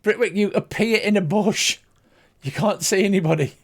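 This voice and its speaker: A man's voice: sits high, breathy edge. Casual male game master. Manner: casual, with frequent filler pauses. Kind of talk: narrating a tabletop game.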